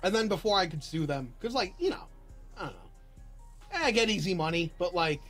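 Lively young man telling a story. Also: high-pitched, fairly quick, faint music behind. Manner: acts out both sides of a story, rising to near-shouts in disbelief. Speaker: livestreamer. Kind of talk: animated storytelling chat.

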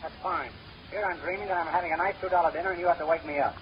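An actor playing a fast-talking male con man who fires off deadpan puns and wisecracks, in 1930s radio comedy. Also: on the high side, lo-fi sound, lightly acted. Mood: wisecracking. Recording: scratchy, hissy 1930s radio recording.

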